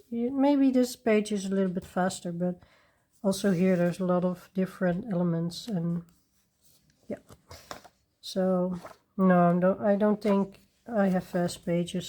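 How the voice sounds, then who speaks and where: A woman hosting a coloring video, chatting casually and rambling softly while she works at her desk. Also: medium pitch. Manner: soft-spoken, rambling, with little laughs. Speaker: coloring channel host.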